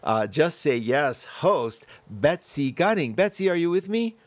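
A man's voice: fairly high pitch, sing-song, unhurried, dry recording. A man hosting an online panel in casual chat, rambling and laughing often. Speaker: host. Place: Colorado mountains.

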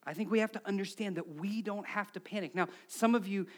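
A middle-aged man preaches with a notably high voice. He tells animated stories and moves from soft, hushed asides to loud, excited shouts. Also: brisk. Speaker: pastor. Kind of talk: sermon.

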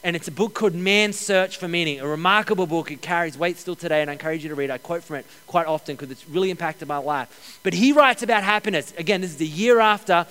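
A man preaching a sermon as pastor, energetic, repeating key phrases and joking with the congregation. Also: on the high side, fast talker, clear, resonant tone. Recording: long hall reverb.

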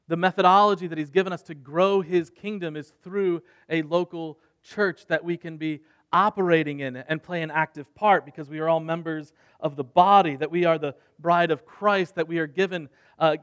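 A man preaching a sermon in an earnest way, moving between soft, quiet passages and louder emphatic ones. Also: a little high. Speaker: pastor.

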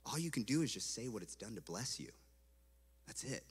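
A man from California telling his personal testimony as a story, animated and acting out his own past words, with "like" all through his talk. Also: mid-range voice, fairly quick, husky. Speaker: speaker giving a personal testimony. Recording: long hall reverb.

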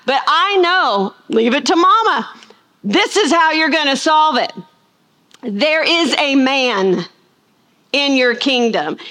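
A middle-aged woman teaching a Bible lesson, telling stories and acting out the people she quotes. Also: high-pitched. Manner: animated storytelling, acts out quoted voices. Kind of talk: sermon.

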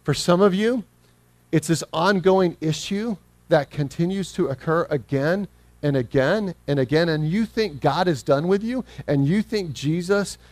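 Male pastor, fairly high voice, earnest and animated, close dry mic. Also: no echo. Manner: earnest, acts out scripture quotes; slows down when reading scripture. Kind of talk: sermon.

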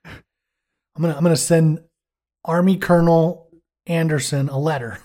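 A man's voice: a little high, fairly even intonation, normal speed, dark tone. A man co-hosting a podcast, chatting casually about a TV episode, joking, rambling and swearing freely. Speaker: podcast co-host. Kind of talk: casual chat, reviewing a TV episode.

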